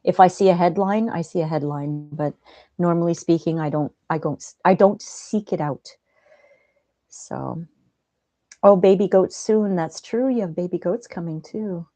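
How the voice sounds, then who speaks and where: A woman hosts a relaxed livestream from home, reading viewers' comments aloud in a gentle, chatty way and laughing easily. Her voice sits fairly low and sounds warm and mellow. The sound is dry and close, with no room echo. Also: a little slow. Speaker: livestream host.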